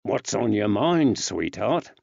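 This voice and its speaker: A man playing a weary, gruff working-class constable and husband who talks in a blunt, plain-spoken way. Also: on the low side, big pitch swings, slow pace, a little mellow, dry recording, exaggerated voice. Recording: dry, slightly dull recording.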